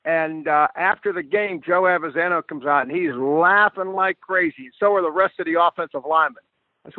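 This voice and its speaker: An older man tells football stories in a lively, stop-and-start way, often doubling his first words. His voice sits fairly high for a man. It comes through a dry, tinny, phone-like line. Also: moderate pace, dry recording. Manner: animated storyteller, repeats words when starting a thought. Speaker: guest football coach. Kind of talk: telling stories in a podcast chat.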